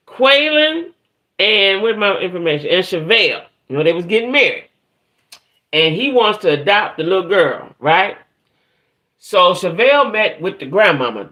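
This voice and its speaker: A woman's voice: low-pitched, a bit bright. A woman hosting a casual livestream who rambles chattily, talks straight to her viewers and trails off while searching for names. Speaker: host of a reality TV talk channel.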